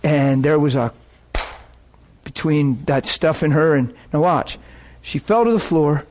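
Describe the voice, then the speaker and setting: A man preaching with animated storytelling, acting out the voices of people in his stories. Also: on the high side, unhurried, slight background noise. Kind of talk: sermon storytelling.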